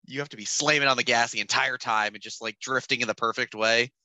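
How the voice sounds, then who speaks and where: A man's voice: medium pitch, steady tone, quick pace, sharp tone. A young man telling stories in casual podcast chat, loose and laughing, full of fillers.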